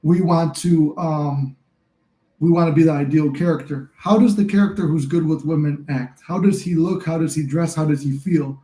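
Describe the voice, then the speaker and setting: Young male host, slightly high, mellow voice, rambling, encouraging livestream talk, echoey room. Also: moderate pace. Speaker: livestream host and manifesting coach. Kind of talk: casual live-stream advice talk.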